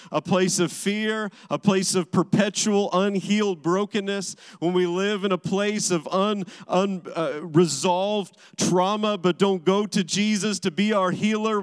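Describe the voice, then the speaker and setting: A man's voice: high voice, clear, resonant tone. A man preaching a sermon as a pastor, driving his points home with emphatic repeated phrases. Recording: large hall with long reverb.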